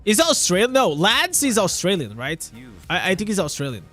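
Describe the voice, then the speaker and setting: A man's voice: sits high, huge pitch swings, normal speed, bright, forceful tone, faint music behind. A young man with a Portuguese accent chatting casually on a live stream, often restarting his words and swearing now and then.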